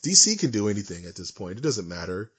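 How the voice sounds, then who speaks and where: A young man co-hosts a podcast in a casual chat, ranting with animation and laughing often. His lowish voice is husky with a fairly bright tone, swings widely in pitch, and moves fast.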